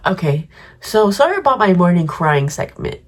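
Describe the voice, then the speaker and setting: A woman's voice: lowish voice, very animated, moderate pace. Chatty young woman vlogging, filler-heavy. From New York. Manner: rambling, heavy use of "like"; candid and confessional. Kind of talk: casual vlog chat.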